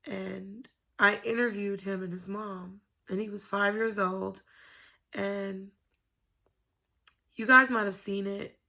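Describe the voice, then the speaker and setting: Bright, gravelly woman vlogging at home. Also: medium pitch. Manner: candid, rambling, swears freely. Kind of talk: casual confessional chat to camera. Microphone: camera.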